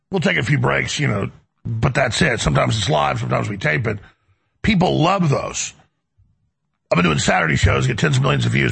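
An American talk show host with a slightly high, somewhat bright yet gravelly, raspy voice launches into a heated, rambling monologue. He is emphatic and keeps repeating words.

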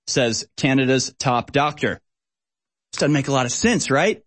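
Male commentary host, mid-pitched, sarcastic and emphatic delivery. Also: fairly quick, dry recording. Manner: sarcastic, emphatic, mocking laughs. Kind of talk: political commentary show.

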